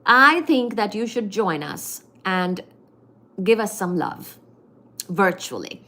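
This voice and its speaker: A woman's voice: mid-range voice, animated, takes it slowly, pushed and bright. A woman hosting a livestream, reading viewers' chat comments aloud and answering them in a playful, affectionate way. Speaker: livestream host.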